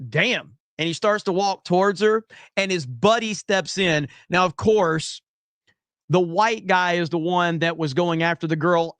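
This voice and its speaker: A man with a fairly high voice runs a loose livestream, swearing freely and ranting in quick bursts. His voice sounds dry and close, with no room sound around it. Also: fairly bright tone, dry recording. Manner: profane, blunt, fast bursts of ranting. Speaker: livestream host reading chat.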